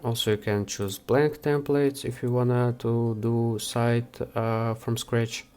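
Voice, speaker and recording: A man hosting a software how-to, talking the viewer through each step with frequent hesitations. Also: mid-range voice, level tone, clear, resonant tone. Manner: unhurried, with frequent "uh" fillers. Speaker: software tutorial host. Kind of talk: screen-recorded how-to walkthrough.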